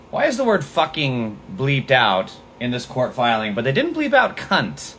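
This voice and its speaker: A man's voice: medium pitch, wildly swooping pitch, normal speed, hardly any pauses, fairly bright tone, a little hiss or hum. Profane, sarcastic man hosting a livestream. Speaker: political podcast host. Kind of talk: livestream commentary.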